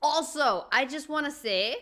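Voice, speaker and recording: A woman's voice: high-pitched, expressive, a little slow, bright, forceful tone. A woman hosting a reaction video, chatting casually and animatedly with laughing asides.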